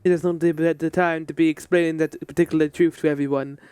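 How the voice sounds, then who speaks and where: A man's voice: fairly high pitch, level tone, quick pace, a little mellow, clear, resonant tone, no room sound, voice pushed down, lightly acted. A man voicing a fussy, self-regarding male minister with a put-on French accent, reading game dialogue aloud. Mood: confiding.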